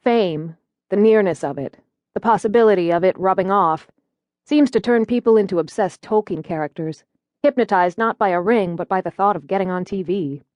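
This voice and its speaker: Female audiobook narrator, mid-pitched, wry and conversational, dry close studio sound. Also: normal speed, no room sound, muffled recording. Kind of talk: scripted first-person audiobook narration. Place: recording studio.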